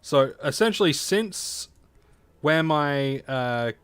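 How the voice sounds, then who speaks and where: A man with a slightly high, animated voice speaks slowly in a fairly bright, smooth tone with no echo, picked up by a desk mic in his home streaming setup. Playing a game on a livestream, he chats casually, rambles, leans on fillers, and curses often.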